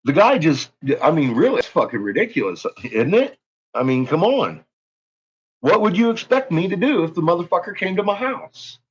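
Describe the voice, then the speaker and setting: Pissed off guy cussing up a storm on his channel, kinda high voice, muffled cheap recording. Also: sing-song, normal speed, slightly rough. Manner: profane, heated, swaggering threats. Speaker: YouTuber. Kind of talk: angry ranting vlog.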